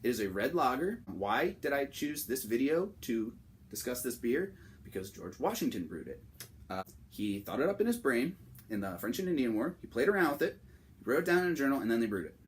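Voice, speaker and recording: Deadpan young man hosting. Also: mid-range voice, brisk, slight background noise. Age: young adult. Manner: deadpan mock-serious delivery. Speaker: host. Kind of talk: satirical comic monologue.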